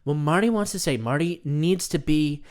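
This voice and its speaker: A man hosts a comedic self-help monologue in an earnest, soothing manner, referring to himself in the third person. His voice is fairly high and his pace moderate.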